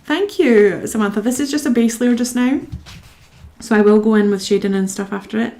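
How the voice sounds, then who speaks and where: A woman's voice: a little high, a little fast, dark tone. A young woman from Scotland chatting casually to her live-stream viewers while she colours, reading out their comments and talking to herself as she works.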